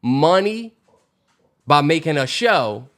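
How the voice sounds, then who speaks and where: Lively-voiced man co-hosting a podcast. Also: a little high, takes it slowly. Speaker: podcast co-host. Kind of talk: casual chat.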